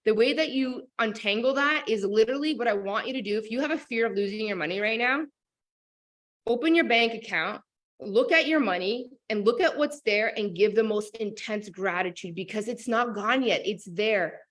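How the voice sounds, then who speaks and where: A woman talking casually as a motivational coach, animated and full of fillers like "like" and "oh my God". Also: fairly high pitch, moderate pace. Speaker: business and manifestation coach.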